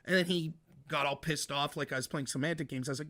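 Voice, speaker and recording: A man's voice: fairly high pitch, fast talker. An American man hosting a casual talk show, retelling a caller's argument and acting out both sides. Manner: animated storyteller, acts out both sides of a dialogue. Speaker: host. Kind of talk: casual chat, retelling a call.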